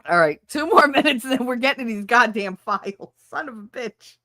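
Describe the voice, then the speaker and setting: A woman's voice: on the high side, lively intonation, fairly quick, bright, forceful tone, dry recording. A woman streamer chatting casually with her viewers, candid and crude, often breaking into giggles. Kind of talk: casual live-stream chat.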